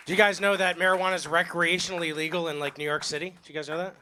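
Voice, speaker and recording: A man's voice: a little high, little pitch movement, rapid-fire, hardly any pauses, bright, forceful tone, slight background noise. A man hosting a comedy show and doing stand-up, chatting casually and asking the crowd questions. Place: small live venue with audience.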